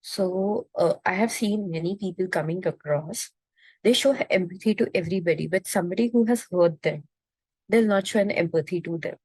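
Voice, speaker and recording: A woman taking part in an online empathy circle, explaining her view in a measured way. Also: lowish voice, darkish tone, no echo, rough recording. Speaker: circle participant. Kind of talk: casual online group discussion. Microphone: video call.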